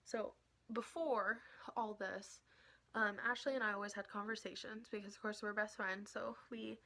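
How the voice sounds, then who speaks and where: A young woman telling an excited story in a casual vlog, laughing often and dropping into whispers. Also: medium pitch, moderate pace. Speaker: vlogger.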